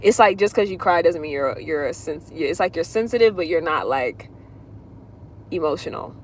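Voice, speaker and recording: A woman's voice: on the low side, animated, moderate pace, slight background noise. A woman astrologer chatting casually on a livestream, answering viewer questions in a loose, rambling way that drifts in circles. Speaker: astrologer doing readings.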